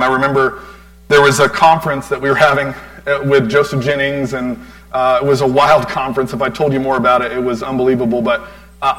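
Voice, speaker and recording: Poor audio carries this man's mid-range, somewhat bright voice. In his forties, he stands before a church audience giving a tribute, rambling through his personal testimony with lots of fillers and asides to the people listening.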